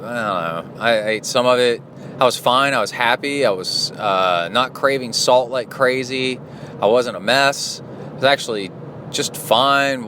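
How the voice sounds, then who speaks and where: A man's voice: mid-range voice, fairly bright tone, a little hiss or hum. A middle-aged man hosting a casual solo podcast, rambling with many fillers and restarts. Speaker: podcast host and triathlon coach.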